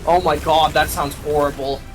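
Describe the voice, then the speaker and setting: Foul-mouthed man, fairly high voice. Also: level tone, faint music behind, rough recording. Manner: swears often, quick restarts. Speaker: co-streamer friend. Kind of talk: casual gaming chat.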